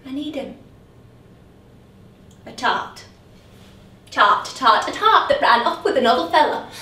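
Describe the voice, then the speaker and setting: A woman's voice: high-pitched, expressive, bright, forceful tone, exaggerated voice. A woman playing a lonely grown woman, a drunk, who keeps repeating herself in a stage monologue. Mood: bitter. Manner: halting, repeats her words. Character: lonely grown woman, a drunk, waiting for her late dad. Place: theatre stage. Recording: roomy theatre heard from a distance.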